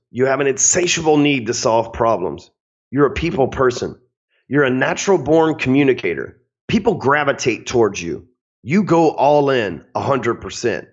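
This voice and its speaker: A man putting on a deep, slow, smooth soul-crooner voice to read affirmations in a hypnotic way. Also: highs cut off.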